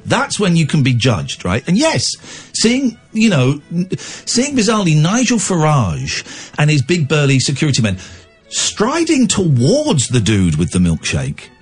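A man's voice: high voice, breathy edge. A man hosting a radio phone-in, thinking aloud with many restarts. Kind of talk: casual radio talk.

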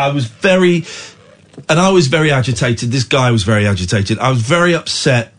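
A male radio host, emotionally retelling a distressing incident in casual on-air chat. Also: mid-range voice. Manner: emotional, animated retelling with restarts. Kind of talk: candid storytelling chat.

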